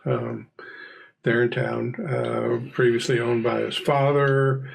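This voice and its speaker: A man narrating as game master in a relaxed, rambling way. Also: medium pitch, takes it slowly, gravelly, husky, rough recording. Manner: relaxed, rambling, filler-heavy.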